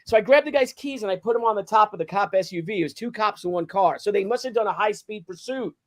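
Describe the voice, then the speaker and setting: A man hosting a show, telling a story in casual chat, acting out shouted quotes, swearing and laughing often. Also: high-pitched, fast.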